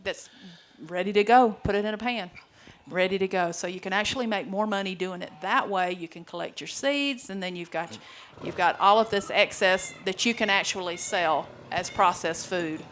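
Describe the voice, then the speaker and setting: A woman on a panel, a farmer speaking casually and trailing off quietly. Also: mid-range voice, normal speed, a little hiss or hum. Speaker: panelist, farmer and tile artist. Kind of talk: panel discussion.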